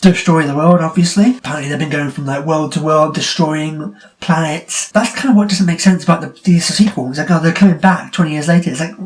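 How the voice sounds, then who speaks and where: Chatty, high-voiced male movie reviewer. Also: fairly quick. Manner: chatty, incredulous, laughs often. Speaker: film reviewer. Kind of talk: casual spoken movie review.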